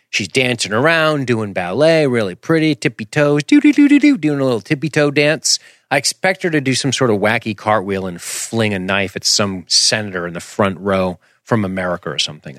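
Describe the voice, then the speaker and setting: A man hosting a podcast, reviewing a film in an animated, rambling, jokey casual chat. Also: lowish voice, no room sound, studio quality. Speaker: podcast host.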